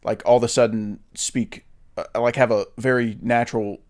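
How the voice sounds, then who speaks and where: A man's voice: medium pitch, level tone, moderate pace, darkish tone. A man co-hosting a podcast, chatting casually and with strong opinions, swearing now and then and using lots of fillers. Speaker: podcast co-host. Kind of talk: casual film chat.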